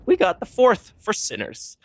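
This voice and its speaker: A man's voice: high-pitched, huge pitch swings, moderate pace, no room sound. A man casting a competitive shooter match alone, rambling casually between plays with fillers and small laughs. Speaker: esports caster. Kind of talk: solo live game commentary.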